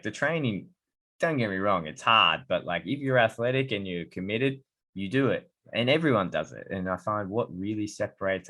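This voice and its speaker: A lower-pitched man hosts a podcast in casual conversation and launches into stories with easy enthusiasm. His voice sits dry and close, with no room sound. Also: a bit bright, no room sound. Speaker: podcast host. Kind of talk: conversational interview.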